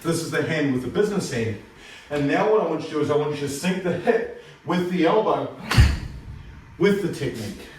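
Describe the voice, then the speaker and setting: Male karate instructor, slightly higher voice, informal lesson with sharp counted reps; distant phone mic, very echoey room, faint background noise. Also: expressive, a little fast, pauses often. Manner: explains then counts reps aloud in sharp calls. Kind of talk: informal martial arts lesson. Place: home training room. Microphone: phone camera across the room.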